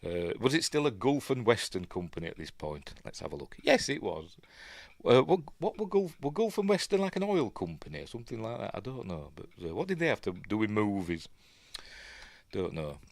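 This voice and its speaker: Yorkshire male host, low voice, chatty and self-mocking, casual livestream commentary. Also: very animated, fairly quick, no echo. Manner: rambling, self-deprecating and chatty. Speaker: film review host.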